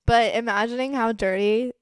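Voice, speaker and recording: A woman's voice: on the high side, fairly even intonation, moderate pace, clean tone, no echo, clean studio sound. A woman in her twenties, co-hosting a podcast and chatting casually with laughing asides. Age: 20s. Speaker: podcast co-host. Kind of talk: casual chat.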